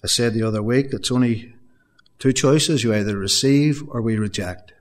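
A pastor preaches a sermon to his congregation in a voice pitched mid-range for a man. He speaks earnestly at a moderate pace, repeating phrases to build emphasis.

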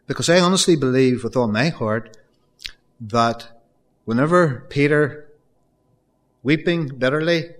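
A man's voice: mid-range voice, unhurried, pauses often. Earnest preacher man calling out to folks. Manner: earnest, builds to emphatic raised peaks; addresses the congregation as folks. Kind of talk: sermon.

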